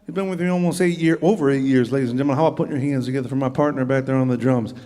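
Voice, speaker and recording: A man's voice: mid-range voice, fairly even intonation, very fast, mellow, slight background noise. A man leading a band on stage, introducing his players with jokes and showman patter to a live audience. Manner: joking showman, hypes the crowd. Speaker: bandleader. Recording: live concert recording with crowd and band.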